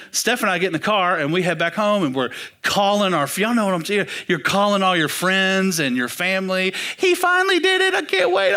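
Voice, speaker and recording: Bright-voiced pastor telling a story. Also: male voice, a little high. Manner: animated, self-deprecating storytelling. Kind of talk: storytelling sermon. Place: church sanctuary.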